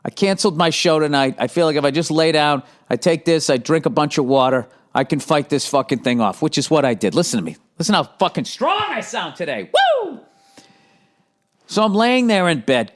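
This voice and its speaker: A Boston man in his fifties hosts a podcast alone, telling a long comic rant full of swearing. His voice sits a bit on the high side. He stays exasperated and often slips into impressions of other people. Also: expressive, normal speed. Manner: profane, exasperated, mimics others mid-story. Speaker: podcast host. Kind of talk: comedic ranting monologue.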